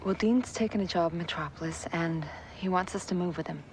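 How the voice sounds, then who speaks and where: An actress playing a gentle mother in a TV drama, reassuring her son. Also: lowish voice, fairly quick, a little hiss or hum, lightly acted. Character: mother telling her son about a move.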